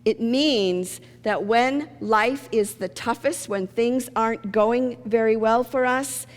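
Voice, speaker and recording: A woman minister preaches in a relaxed, conversational manner, telling stories and slipping into the voices of the people in them. Her voice sits a little high. The long reverb of a church sanctuary hangs on every phrase. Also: slow. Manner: conversational storytelling, acting out quoted voices. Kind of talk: sermon.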